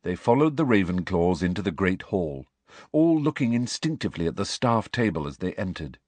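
Expressive male audiobook narrator. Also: low voice, normal speed, dry recording. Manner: expressive storybook reading, voicing each character. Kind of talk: scripted narration.

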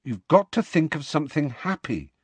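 A man's voice: a little high, big pitch swings, moderate pace, husky, no room sound, pitched above the performer's own voice. A man reading an audiobook voices an earnest teenage boy wizard who grows urgent and commanding.

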